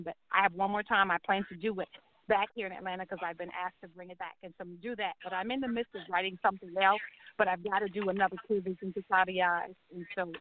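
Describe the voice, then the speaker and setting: A woman's voice: mid-range voice, dry recording. A woman telling her life story as an interview guest, animatedly acting out the voices of people she quotes. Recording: tinny phone-like call audio.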